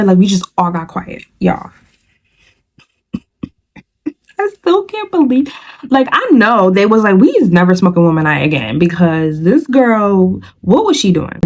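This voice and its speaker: Young woman, vlogger, casual storytime, slangy, animated, talks to viewers directly. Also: medium pitch. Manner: animated and slangy, addresses viewers as "you guys" and "y'all".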